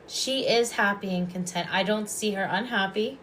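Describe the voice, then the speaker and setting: A woman giving intuitive readings on a live stream. She talks calmly and softly and often repeats her phrases. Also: mid-range voice, moderate pace, hardly any pauses, a little hiss or hum. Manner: calm, soft-spoken, repeats phrases. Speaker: psychic reader and past life regressionist.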